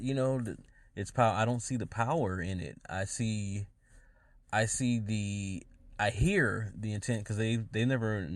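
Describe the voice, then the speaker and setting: A man's voice: on the low side, no echo. A podcast host, a man, giving his own views in casual solo talk, often restarting his phrases as he thinks them through. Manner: halting, restarts phrases often, musing aloud.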